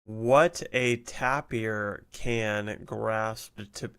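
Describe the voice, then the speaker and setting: Slow, gravelly-voiced male streamer. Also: lowish voice, fairly even intonation, noisy background. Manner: laid-back, swears often, mutters while puzzling. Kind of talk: casual gaming stream chat.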